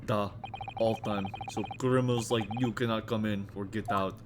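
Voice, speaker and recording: A man voicing a gruff, burly male Russian ship guard with a Russian accent, loud and blunt with broken grammar. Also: on the low side, steady tone, moderate pace, background noise, voice pushed down, close to an everyday voice. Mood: curt.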